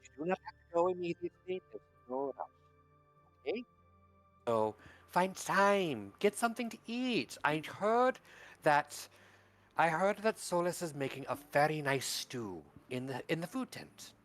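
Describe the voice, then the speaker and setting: A man voicing a gentle, kindly old grandmother who speaks softly and soothingly and calls people dearie. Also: on the high side, sing-song, measured pace, soft background music, voice pushed up.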